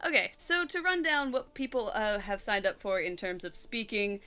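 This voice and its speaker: A woman's voice: mid-range voice, very animated, normal speed, bright, forceful tone, clear, resonant tone. A woman organizing a group charity stream who laughs easily and reads a prologue aloud. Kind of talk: casual group chat and dramatic reading.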